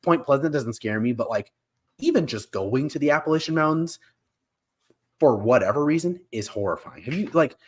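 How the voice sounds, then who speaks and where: A man's voice: mid-range voice, moderate pace, slightly rough. Casual young guy cohosting a podcast, talks in loose run-ons, voice jumps around a lot. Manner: animated, rambling, lots of "like" and restarts. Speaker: co-host.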